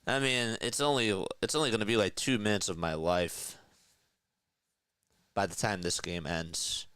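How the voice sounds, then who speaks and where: A young man doing live baseball play-by-play on his own stream, trading casual talk with his chat between pitches. His voice is fairly low yet bright and crisp, recorded dry and close on a desk mic. His calls of each pitch jump up in pitch and energy. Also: unhurried, dry recording.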